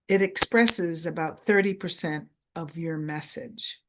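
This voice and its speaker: A workshop presenter with a lower-pitched voice gives a conference lecture at a measured, unhurried pace. She reinforces her points by repeating key phrases as short lists.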